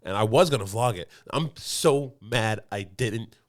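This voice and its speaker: A man's voice: fairly low pitch, lively intonation, unhurried. Laughing man telling stories. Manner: rambling storytelling with frequent laughs. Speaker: podcast co-host. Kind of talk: casual chat. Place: podcast studio.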